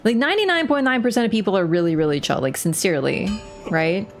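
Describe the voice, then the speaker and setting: Chatty young woman streamer, lively voice. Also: medium pitch, fast talker, faint music behind. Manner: chatty, swearing, laughs often. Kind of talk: casual gaming stream chat.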